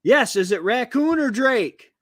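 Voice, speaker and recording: A man's voice: extremely high pitch, expressive, unhurried, a bit bright, no room sound, clean studio sound. A man hosting a casual live stream, rambling and chatty as he greets viewers by name from his home.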